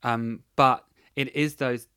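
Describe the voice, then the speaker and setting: A man talking casually and thoughtfully about a film, with frequent pauses and fillers. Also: medium pitch, fairly even intonation, sharp tone, poor audio. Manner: thoughtful, hesitant, many fillers.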